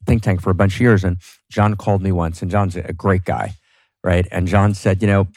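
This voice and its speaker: A man's low, darkish voice holds fairly even intonation at a normal speed as he talks passionately about philosophy as a podcast guest. Fervent and emphatic, he keeps asking "right?". No echo is heard.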